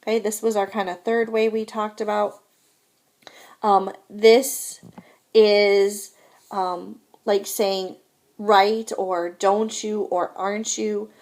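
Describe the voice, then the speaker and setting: A woman's voice: medium pitch, little pitch movement, takes it slowly, darkish tone. A woman teaching French grammar in a recorded lesson, patient and repetitive, often checking in with "okay?". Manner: patient, repeats "so again" and "okay?".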